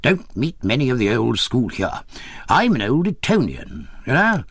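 Man doing a drunk posh guy about fifty, slurry and wobbly, voice pushed up high, dry recording. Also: huge pitch swings, moderate pace, a bit bright, no room sound, heavily acted. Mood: maudlin. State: half-drunk. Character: drunken educated old Etonian man, fifty, maudlin.

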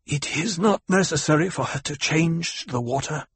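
A weak young visionary who speaks in a voice that is faint but steady, as a man plays him. The tone is husky and slightly raised, recorded dry and close. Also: fairly high pitch, normal speed, dry recording, pitched above the performer's own voice, exaggerated voice. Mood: weary.

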